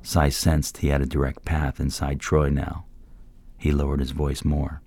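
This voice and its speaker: Very deep, gravelly male narrator. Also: monotone, measured pace, a little mellow, no echo. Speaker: audiobook narrator. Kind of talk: scripted story narration. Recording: dry close-mic recording.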